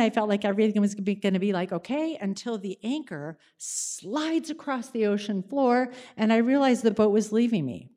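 A woman telling a personal story to an audience, animated and dramatic, slowing down for suspense. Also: mid-range voice.

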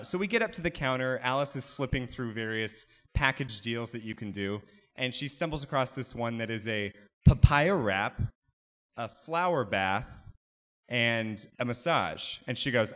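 A man's voice: mid-range voice, bright, forceful tone. A man telling a personal story live to an audience, conversational and wry, with lots of "you know" fillers. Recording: long hall reverb.

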